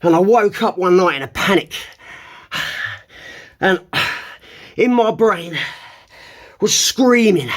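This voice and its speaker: A man talks to his viewers while holding a plank, his breath strained and sighing between phrases. His voice sits high for a man and swings widely in pitch, now and then bursting into emphatic shouts. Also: lively intonation, takes it slowly, long pauses. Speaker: fitness vlogger.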